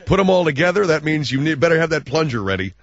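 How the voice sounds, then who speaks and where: A man's voice: a little high, sing-song, fast, dull audio. A man hosting a comedic talk radio show, rambling through a wry monologue.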